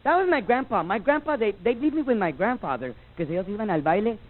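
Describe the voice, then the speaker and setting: A Mexican-American man doing stand-up, his high voice jumping all over as he slips between English and Spanish and acts out his relatives. The sound is thin and tinny, like an old taped television broadcast. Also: lively intonation, fast talker. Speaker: stand-up comedian. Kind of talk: stand-up comedy set. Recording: tinny, phone-like VHS broadcast audio.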